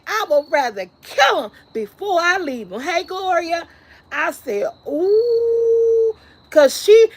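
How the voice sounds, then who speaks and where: High-voiced woman vlogger telling a story. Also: a little hiss or hum, low-quality recording. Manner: laughs and shrieks while retelling scenes. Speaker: vlogger reviewing a movie. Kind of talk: animated casual storytelling.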